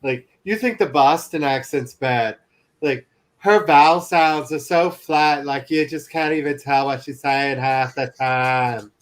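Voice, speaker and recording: A man's voice: medium pitch, steady tone, a little slow. A man in casual chat, teasing his friends and telling long, rambling stories. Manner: teasing, rambling anecdotal storyteller.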